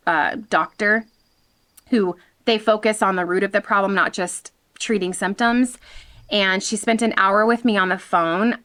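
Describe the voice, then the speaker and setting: A woman's voice: medium pitch, a bit bright. A woman hosting her own vlog outdoors, talking frankly and with animation straight to her viewers. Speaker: vlog host. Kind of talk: candid personal vlog talk.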